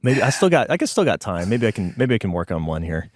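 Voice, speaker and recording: A man's voice: fairly low pitch, very animated, fast talker, dry recording, studio quality. A man from Texas in his thirties, co-hosting a podcast in a rambling, self-correcting casual chat. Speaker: podcast co-host.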